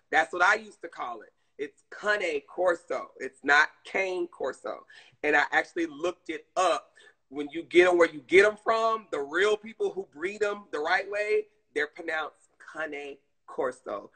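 A man's voice: on the high side, a little slow, sharp tone, breathy edge, low-quality recording. A man with a Southern US accent chatting casually on a live stream, addressing viewers and reading chat. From Southern United States.

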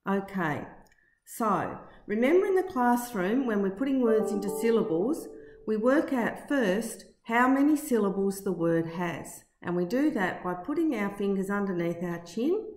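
A middle-aged woman teacher giving a recorded spelling lesson to her pupils, slow and deliberate, stretching words out to show their syllables. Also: medium pitch, very animated, darkish tone. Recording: echoey room.

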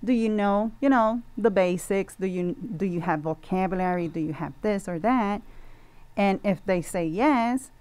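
A woman with a Spanish accent, a Spanish teacher talking as a guest on a casual podcast, animated and laughing often as she acts out her students. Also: mid-range voice, moderate pace, clean tone. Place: indoor podcast recording.

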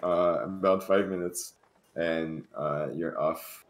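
A man runs a tabletop game in an unhurried, low voice, stopping often on fillers and restarts. His voice carries a noticeable echo from the room around him. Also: steady tone. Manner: hesitant, many fillers and restarts. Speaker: dungeon master. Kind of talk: narrating a tabletop game and voicing shopkeepers.

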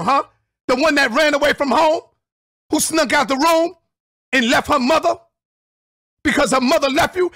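High-voiced man ranting angrily. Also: no echo, clean studio sound. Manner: confrontational, profane, shouting bursts. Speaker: vlogger. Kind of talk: angry call-out rant.

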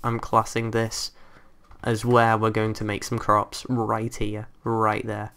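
A young man giving excitable, chatty commentary on a game he is playing, often exclaiming and talking to creatures in it. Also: on the low side, slow, gravelly, smooth. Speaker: gameplay commentator. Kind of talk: casual let's-play commentary. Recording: faint background hiss and typing clicks.

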